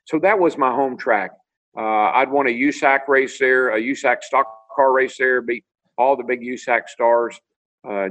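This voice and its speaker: A man's voice: mid-range voice, poor audio. An older man from Tennessee, a former racing driver telling stories in a video-call interview and acting out the dialogue. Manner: animated storyteller, acts out dialogue.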